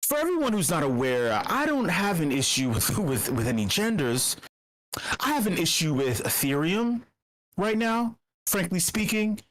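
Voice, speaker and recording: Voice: mid-range voice, very animated, normal speed, low-quality recording. A meetup host ranting in casual commentary. They ramble, swear and stammer through repeated words, with a sarcastic, irreverent edge.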